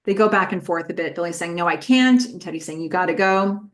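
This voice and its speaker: A woman's voice: on the low side, steady tone, fast talker, fairly bright tone. A woman hosting a rewatch podcast, recounting scenes in a conversational way with frequent filler words. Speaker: podcast host. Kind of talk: recap podcast commentary.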